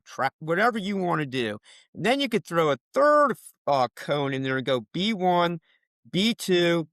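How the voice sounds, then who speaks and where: Emphatic veteran man, fairly high voice. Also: fairly bright tone, no room sound. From DC area. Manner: emphatic, repeats key points. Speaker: basketball official, guest. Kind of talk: interview, coaching advice.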